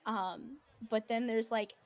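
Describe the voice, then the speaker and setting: A woman's voice: fairly high pitch, steady tone, slow pace. A woman writer chatting on a live stream, bubbly, laughing often and full of fillers. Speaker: fan fiction writer, guest. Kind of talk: casual live-stream chat.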